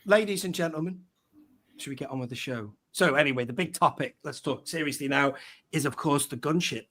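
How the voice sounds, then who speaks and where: A man's voice: on the high side, fairly quick, fairly bright tone. A man hosting a live online fan show, chatting casually and reading out viewer names. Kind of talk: casual live-stream chat.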